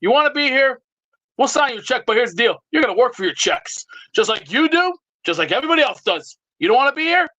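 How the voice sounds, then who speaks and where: A man's voice: very high-pitched, sing-song, quick pace, pushed and bright, poor audio. A man calling in to a sports talk show with a blustering, drill-sergeant style rant. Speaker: regular caller. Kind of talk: ranting call-in bit.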